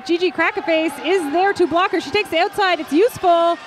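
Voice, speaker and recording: High-pitched excitable woman commentator. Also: brisk. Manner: excitable, gushing. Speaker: roller derby announcer. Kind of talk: live sports commentary.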